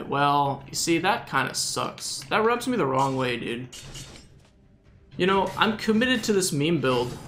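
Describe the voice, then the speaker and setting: Young Southern man, rambling jokey gameplay commentary, slightly high voice. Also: pushed and bright, a little hiss or hum. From Southern United States. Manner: joking, exasperated, rambling.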